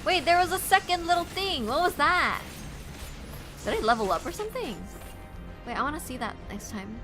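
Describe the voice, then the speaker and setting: A woman's voice: high voice, expressive, moderate pace. Chatty woman streamer, game music behind. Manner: chatty, giggly, reacts aloud to the game. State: voice worn and strained. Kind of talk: casual gameplay commentary.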